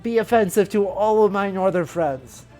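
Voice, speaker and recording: A woman's voice: medium pitch, normal speed, mellow, soft background music. Chatty woman streaming a game. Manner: chatty, rambling, self-correcting. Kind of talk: casual gaming stream commentary.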